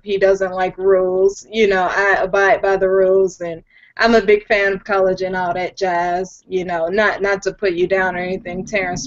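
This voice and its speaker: A woman in her twenties from Chicago, telling her personal story on an online call, hesitant with lots of "um"s and quick to joke about herself. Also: fairly low pitch, muffled recording. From Chicago, USA. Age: 20s. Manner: hesitant with many "um"s, self-joking. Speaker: guest panelist. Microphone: video call.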